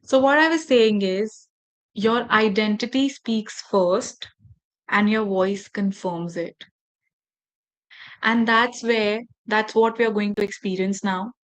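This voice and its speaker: A woman trainer speaks over a video call, guiding a group of teachers through a workshop. She keeps the audience involved and often asks them questions, in a voice of ordinary pitch for a woman. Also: slow pace. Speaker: faculty development trainer. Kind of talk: online training session.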